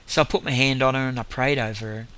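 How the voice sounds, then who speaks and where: A man's voice: medium pitch, steady tone, fast, bright, forceful tone. A man with an Australian accent tells faith stories in a rambling way, chuckling between them and correcting himself as he goes. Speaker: lay minister. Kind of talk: storytelling testimony.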